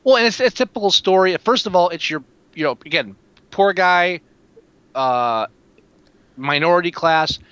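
A man with a bright, forceful voice chats casually about a movie, wry and animated, and now and then he slips into joking voices. The sound is a little dull and muffled, and dry, as if recorded close to the mic. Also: sits high, normal speed, long pauses, smooth, no echo. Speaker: podcast co-host. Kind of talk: casual movie review chat.

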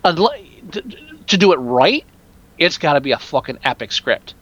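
A man chatting casually about movies, excitable and swearing freely. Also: a little high, moderate pace, no echo, muffled recording.

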